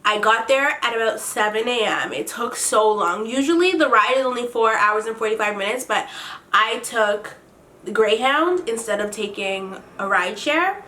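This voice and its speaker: Young canadian girl vlogging, chatty and bubbly, bright highish voice, says like a lot. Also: normal speed. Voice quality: slight lisp from a retainer. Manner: chatty, excitable, heavy use of "like". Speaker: beauty vlogger. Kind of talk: casual storytelling vlog.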